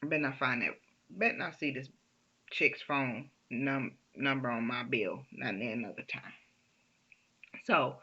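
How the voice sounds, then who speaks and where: A woman tells a personal story to her camera in an animated, emphatic way. Her voice is gravelly and very bright, and she takes her time. The recording is a little dull and lo-fi. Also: very deep voice, measured pace. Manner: animated, emphatic retelling with frequent restarts. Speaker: vlogger telling a personal story. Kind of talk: casual storytime monologue.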